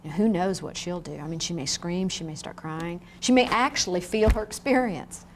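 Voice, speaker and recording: A woman lecturing a class on grief in a frank, lively way, often asking the room questions. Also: on the low side, moderate pace, slight background noise. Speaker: grief educator. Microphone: on camera, room mic.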